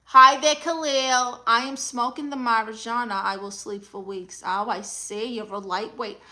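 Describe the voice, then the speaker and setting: A woman with a New York accent hosts a comedic livestream as an aunt character, reading viewer comments and answering with dry, deadpan quips. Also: fairly high pitch, unhurried, poor audio. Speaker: livestream host playing an aunt.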